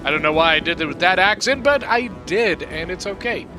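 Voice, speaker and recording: A man's voice: high voice, animated, a little fast. A man giving casual, rambling commentary on a strategy game replay, correcting himself as he goes. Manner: rambling, self-correcting, chatty. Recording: clear background music.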